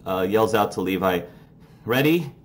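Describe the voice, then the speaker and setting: A man narrating as game master of a tabletop role-playing game, relaxed and halting, with many fillers. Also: fairly low pitch, a little hiss or hum.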